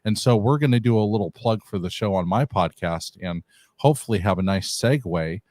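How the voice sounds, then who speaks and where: Male host, low dry voice, upbeat and rambling, chatty live-stream banter. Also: fairly quick, darkish tone, dry recording. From California. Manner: upbeat, laughs often, rambling. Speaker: podcast host. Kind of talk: casual live-stream chat.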